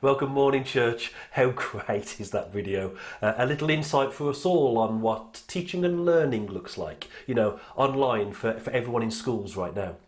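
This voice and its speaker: A man's voice: mid-range voice, moderate pace, few pauses, a little hiss or hum. A man with a British accent giving an online sermon as pastor, in an earnest, emphatic manner.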